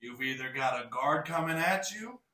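Bright-voiced, matter-of-fact man, echoey. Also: a little high, expressive, moderate pace. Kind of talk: casual podcast interview. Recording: roomy echo.

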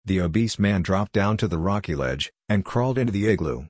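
A man narrating a science fiction story in a steady, plain reading voice. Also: deep voice, brisk, no echo, clean studio sound. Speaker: audiobook narrator. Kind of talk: scripted narration.

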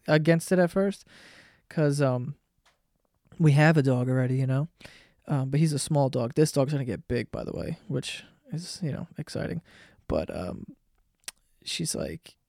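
Young adult man, slightly high voice, rambling profane storyteller, close dry sound. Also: darkish tone, no echo. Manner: rambling, profane, lots of filler words. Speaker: vlogger. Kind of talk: casual storytelling monologue.

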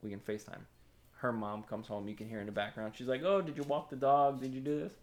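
A man with a mid-range voice talks fast in casual podcast chat. He tells animated gaming stories, laughing often and swearing.

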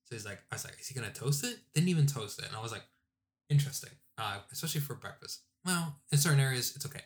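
A man's voice: mid-range voice, lively intonation, very fast. A young man chatting casually, laid-back, with lots of filler words. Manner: laid-back, heavy use of "like". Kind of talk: casual chat.

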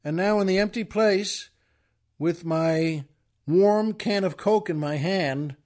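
High-voiced man telling a comic story. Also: slow pace. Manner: animated, stammering retelling with mimicked outbursts. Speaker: podcast host.

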